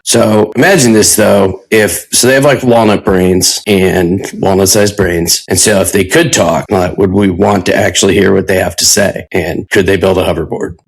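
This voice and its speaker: A man's voice: low voice, fairly even intonation, normal speed, gravelly, hardly any pauses, husky, rough recording. A tired man co-hosting a podcast, chatting in a wry, questioning way. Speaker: podcast co-host. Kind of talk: casual chat.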